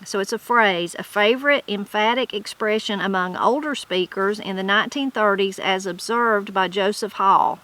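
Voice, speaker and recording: A woman's voice: mid-range voice, moderate pace, few pauses, fairly bright tone, poor audio. A woman with a Southern Appalachian accent reads dictionary entries aloud and then comments on them chattily as a channel host. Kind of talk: casual explanation of regional words.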